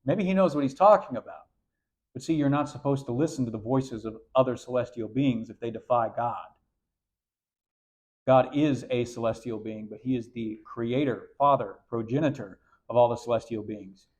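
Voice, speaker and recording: A man preaching an animated sermon to young people, often repeating words as he goes. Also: medium pitch, normal speed.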